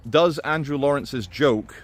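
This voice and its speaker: A man's voice: on the high side, a little slow, no room sound. A man giving casual commentary to camera, rambling with many fillers and restarts and slipping in dry, offhand asides. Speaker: vlogger.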